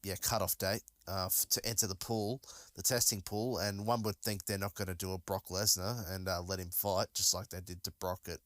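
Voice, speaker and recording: Low-voiced, rambling male podcast host. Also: little pitch movement, moderate pace, a bit bright, no echo. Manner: casual and rambling, many fillers and restarts. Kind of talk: solo podcast commentary.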